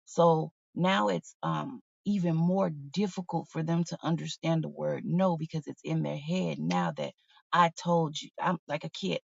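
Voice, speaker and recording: A woman's voice: lowish voice, unhurried, creaky, breathy edge, no echo. A woman hosting a livestream, talking candidly and bluntly in a rambling, casual way to her viewers. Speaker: livestream host. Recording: dull, slightly lo-fi sound.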